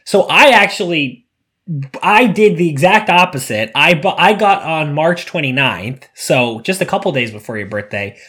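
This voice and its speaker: Podcast co-host, male, lively storyteller with a swooping, expressive voice. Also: fairly high pitch, moderate pace. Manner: animated storyteller, acts out voices. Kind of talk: casual chat.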